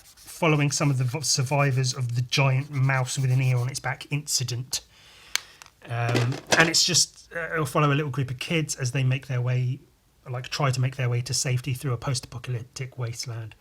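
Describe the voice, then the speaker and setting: Brief: male podcaster, husky, loose and rambling, medium pitch. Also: fairly bright tone. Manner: rambling, many fillers and restarts. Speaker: podcast host, comic artist. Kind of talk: casual chat.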